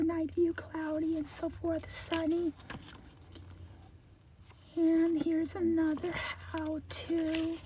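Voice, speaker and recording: A woman unboxing gifts in a casual vlog, gushing and excitable, often dropping to a soft whisper as she looks over each item. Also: extremely high pitch, slight background noise. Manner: gushing, excitable, many exclamations. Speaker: haul video host.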